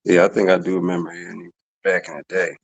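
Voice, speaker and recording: A man's voice: deep voice, monotone, quick pace, vocal fry, dry recording. A man with a Philadelphia accent chatting casually on a video call, laid-back and full of slang. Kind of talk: casual chat.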